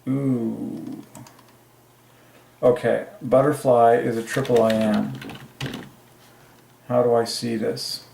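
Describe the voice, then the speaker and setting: A man's voice: medium pitch, steady tone, unhurried, vocal fry, pauses often, a little mellow, a little hiss or hum. A man alone at his desk, working through letter counts and muttering to himself as he goes. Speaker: channel host. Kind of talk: solo religious word-number study. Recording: echoey room.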